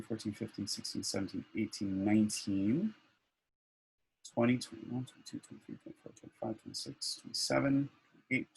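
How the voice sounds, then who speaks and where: A man's voice: mid-range voice, gravelly, fairly bright tone, slightly rough, rough recording. A man leading an online faculty workshop over a video call, thinking aloud with many fillers and restarts.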